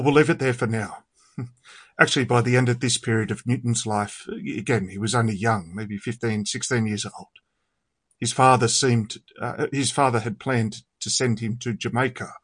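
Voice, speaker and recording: A man, preaching a conversational sermon and then leading a prayer, often pausing on fillers. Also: medium pitch, slightly rough, no room sound, studio quality.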